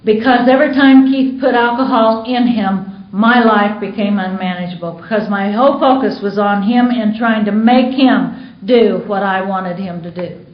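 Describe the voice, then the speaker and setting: American woman, recovery speaker, candid storyteller, mid pitch, echoey dull conference tape. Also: normal speed, few pauses. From United States. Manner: candid storytelling with acted-out quotes. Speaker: Al-Anon speaker. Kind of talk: recovery meeting share. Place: meeting hall. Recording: roomy dull conference recording.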